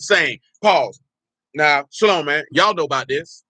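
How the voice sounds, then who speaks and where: A man's voice: a little high, a little slow, pushed and bright, dry recording. A man preaching an informal teaching sermon, teasing and bantering with the congregation as he goes. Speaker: pastor.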